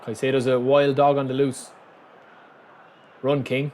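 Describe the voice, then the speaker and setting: A man streaming a football video game live, thanking viewers and shouting excitedly at his players. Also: medium pitch, a little slow, a little hiss or hum. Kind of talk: live gaming commentary.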